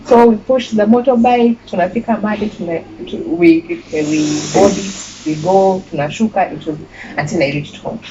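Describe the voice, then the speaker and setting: A young woman with a Kenyan accent tells a personal story as an interview guest, animated and quick to laugh. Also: medium pitch. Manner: animated, laughing, mixing in Swahili phrases. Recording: muffled with clear background noise.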